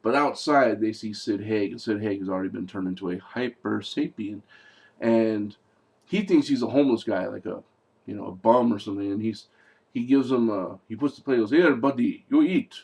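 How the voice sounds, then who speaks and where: A man's voice: lowish voice, moderate pace, creaky, a little mellow. A man giving a casual spoken movie review, sarcastic and exasperated, rambling with fillers and restarts.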